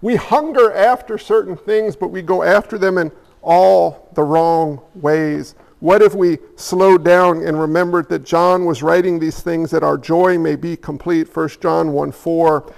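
A male preacher with a high, gravelly voice delivers a conversational sermon, stacking rhetorical questions and repeated phrases. His voice carries a long reverb, as if heard in a large hall. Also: fairly even intonation, a little slow, darkish tone. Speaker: pastor.

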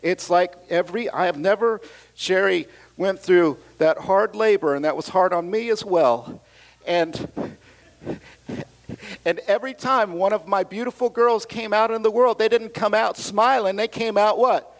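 A middle-aged man preaching a sermon, animated, with casual slang and shouts of hallelujah, swinging between loud passages and quiet asides. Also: high voice, a little slow. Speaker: pastor.

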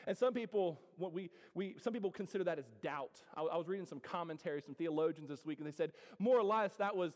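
A man preaching a sermon to his congregation, swinging from loud declarations to hushed, drawn-out lines. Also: high voice. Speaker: pastor. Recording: reverberant hall.

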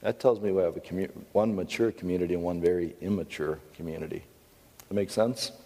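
A middle-aged man teaches a Christian seminar in a low, deep voice. He speaks emphatically and earnestly, breaking in with wry asides about himself. The big room gives every phrase a long, lingering echo. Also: fairly even intonation, fast, mellow.

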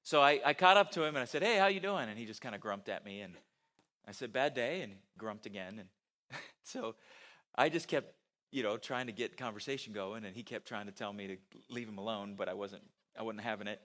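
A man's voice: on the low side, a little fast. Conversational male preacher telling a story. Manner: conversational, animated storytelling with laughs. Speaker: pastor. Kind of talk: sermon with storytelling.

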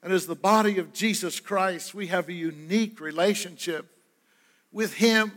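A man's voice: high voice, moderate pace, fairly bright tone. An older man, a pastor, preaching a sermon in a conversational, earnest storytelling way. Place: church sanctuary. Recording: church hall with long reverb.

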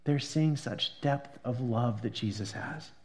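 A man preaching a sermon in a conversational way, rising to loud emphatic peaks and dropping to quiet, hushed passages as he reads scripture. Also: mid-range voice, unhurried. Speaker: pastor.

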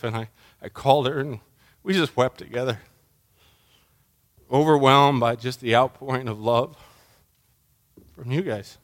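A man's voice: mid-range voice, a bit bright. A middle-aged man, a pastor, giving a sermon in a personal, emotional storytelling way that rises into impassioned pleading.

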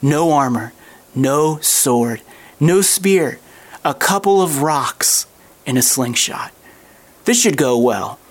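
A preacher retelling a story during a sermon. The delivery is animated and conversational, with plenty of aside remarks. The voice sits at an everyday middle pitch. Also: takes it slowly, pauses often.

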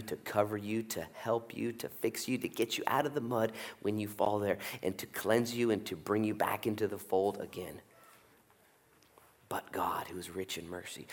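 A middle-aged man preaching a sermon, animated, jumping from loud peaks down to soft asides. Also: on the low side. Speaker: pastor. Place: church sanctuary.

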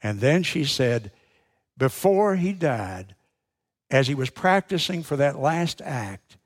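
Male pastor, unhurried sermon delivery, mid-pitched, leans on repetition and pauses. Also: big pitch swings. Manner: emphatic preaching with dramatic pauses, repeats key phrases.

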